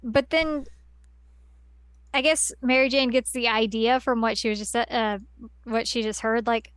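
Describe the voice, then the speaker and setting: This podcast co-host has a fairly high, clean voice with fairly even intonation, speaking unhurriedly and pausing often. In casual chat, she rambles through a long plot recap full of fillers and restarts, recorded dry.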